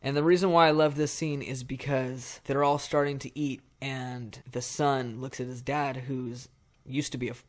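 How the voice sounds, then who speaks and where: A man's voice: mid-range voice, fairly even intonation, moderate pace. A young man co-hosting a casual podcast, animatedly retelling a film scene and acting out its lines. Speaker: podcast co-host. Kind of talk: casual chat.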